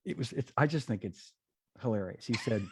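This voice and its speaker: A man hosting an interview podcast, chatting in a relaxed, slightly hesitant way. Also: mid-range voice, brisk, breathy edge. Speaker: podcast host. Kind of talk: casual interview chat.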